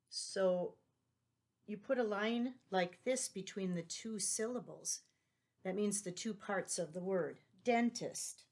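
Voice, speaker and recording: A middle-aged woman teacher giving a patient spelling lesson for young children, spelling words out letter by letter. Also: mid-range voice.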